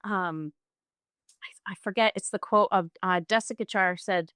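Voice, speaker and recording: A middle-aged woman, a yoga teacher and bodyworker, guesting on a podcast and telling stories in an animated way. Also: mid-range voice, unhurried, clean tone, no echo, studio quality. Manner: animated storytelling, acts out quoted clients. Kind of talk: casual conversational interview.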